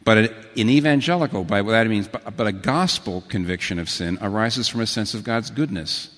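A middle-aged man preaching a sermon as pastor, telling stories and quoting scripture with sudden swings between low, hushed phrases and raised, emphatic ones. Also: brisk. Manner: animated storytelling with sudden pitch swings and quotations. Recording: long hall reverb.

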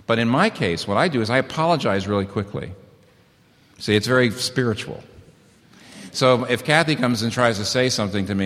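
Here a middle-aged man delivers a marriage sermon in a brisk, animated way, his medium-pitched voice fairly bright. Emphatic throughout, he circles back to his key points again and again, with long hall reverb on the recording.

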